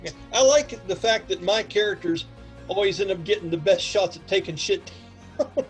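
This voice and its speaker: In this clip a game master with a high voice animatedly narrates for his tabletop players, working out ranges aloud and firing off quick remarks to them. Faint music runs under his voice, and the audio is poor.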